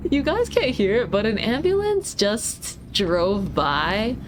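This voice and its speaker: A woman streamer giggles and teases her chat in a casual gaming stream while she plays a driving game. Her mid-range voice swings hugely in pitch, she speaks slowly, and there's background noise.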